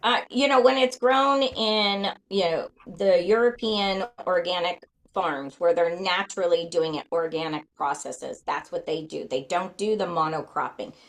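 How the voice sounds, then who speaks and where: A woman talking as a guest in a casual interview, chatty and quick with frequent fillers. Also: on the low side, low-quality recording. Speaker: guest, flour company founder.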